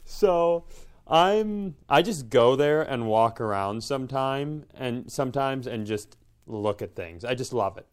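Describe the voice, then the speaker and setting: Male comedian co-host, smooth resonant voice, rambling storyteller. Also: medium pitch, animated, measured pace. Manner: rambling anecdotes with quoted voices. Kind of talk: casual storytelling chat.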